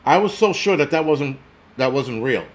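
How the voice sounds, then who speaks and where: A man's voice: mid-range voice, expressive, normal speed. A man in his forties hosting a casual livestream, ranting bluntly and profanely and reading out viewer comments. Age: 40s. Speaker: host.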